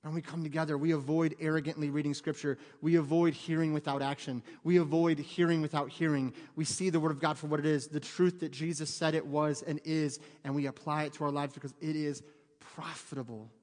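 Fervent, joking pastor in a reverberant hall. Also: male voice, fairly high pitch, flat delivery, brisk, a little mellow. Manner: conversational, joking asides, rising to fervent emphasis. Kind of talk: sermon. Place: church sanctuary. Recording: long reverb of a church hall.

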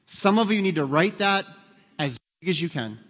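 A pastor with a high, fairly bright voice and lively intonation preaches at normal speed. He talks conversationally and puts questions to the congregation, with long hall reverb around him.

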